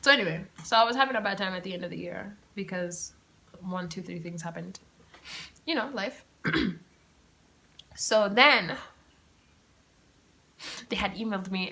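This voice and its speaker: A young woman hosting her own podcast, telling a story in a chatty, animated, self-mocking way. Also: medium pitch, moderate pace, long pauses. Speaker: podcast host. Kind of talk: casual solo storytelling. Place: room at home with the windows open.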